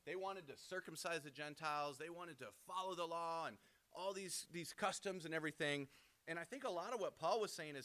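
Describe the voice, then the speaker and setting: A slightly high, slightly quick male voice, pushed and bright, carries an easygoing Bible teaching. Conversational throughout, he leans on "right?" and often restarts, repeating words along the way.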